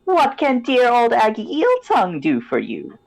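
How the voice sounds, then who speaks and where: A man voicing a hunched old crone hag with a high, thin, strained voice and a smug, mocking manner, over faint music. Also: wildly swooping pitch, unhurried, gravelly, full character voice.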